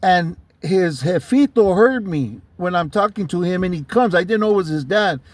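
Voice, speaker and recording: A man's voice: high-pitched, lively intonation, moderate pace, no echo. A man hosting his channel, casually telling a story to camera in street slang, with frequent restarts. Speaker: channel host.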